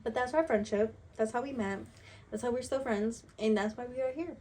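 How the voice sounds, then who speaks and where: A woman's voice: a little high, fairly quick, recorded from a distance. A young woman co-hosting a casual podcast, talking bluntly, swearing freely and slipping Spanish phrases into her speech. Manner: animated storytelling with laughter. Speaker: podcast co-host. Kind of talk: casual chat.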